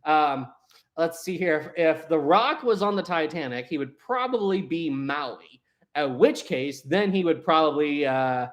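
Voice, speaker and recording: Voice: medium pitch, lively intonation, measured pace. A livestream host chatting casually, reading chat aloud, laughing often and trailing off while hunting for words. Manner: hesitant, lots of fillers while searching for words. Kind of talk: casual live stream chat.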